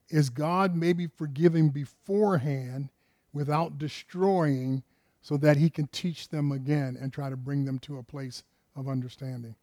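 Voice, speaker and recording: Preaching in a chatty style, this man peppers his audience with rhetorical questions, repeating words and starting phrases over. His voice sits on the high side with a warm tone. It's studio quality with no echo.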